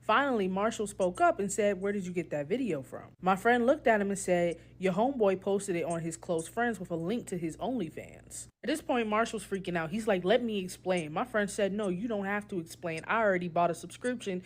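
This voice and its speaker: A woman calling in to a podcast, telling a comic story in a steady, deadpan way. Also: mid-range voice, a little fast, hardly any pauses. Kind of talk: reading a comic story aloud.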